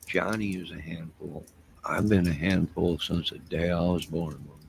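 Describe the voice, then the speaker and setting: With headphones on at a desk mic, a man speaks straight to his late-night stream viewers, loose and a bit defensive. His low, gravelly voice holds a steady tone at normal speed, lingering over each thought above a faint hiss.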